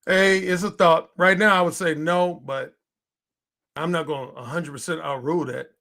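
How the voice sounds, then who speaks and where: High-pitched, swearing man in his fifties. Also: steady tone, moderate pace, gravelly, bright, forceful tone. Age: 50s. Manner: profane, emphatic, ranting. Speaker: dating coach. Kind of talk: heated monologue.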